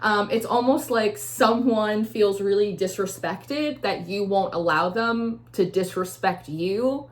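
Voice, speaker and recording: A woman's voice: medium pitch, takes it slowly, few pauses. Young woman, tarot reader; loose, filler-heavy rambling with acted-out quotes. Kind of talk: casual intuitive tarot reading.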